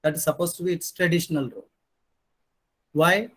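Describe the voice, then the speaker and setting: A man's voice: fairly high pitch, a little fast, long pauses, fairly bright tone. Male panelist with a slightly raised voice, pointed and wry in his delivery. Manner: emphatic, sarcastic, asks rhetorical questions. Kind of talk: panel discussion commentary.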